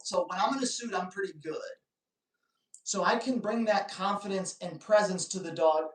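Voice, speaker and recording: Male live-stream host, lively and joking, recorded at a distance in an echoey room. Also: high voice. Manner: animated storytelling, joking asides. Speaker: dog trainer hosting a live Q&A. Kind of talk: casual live-stream talk.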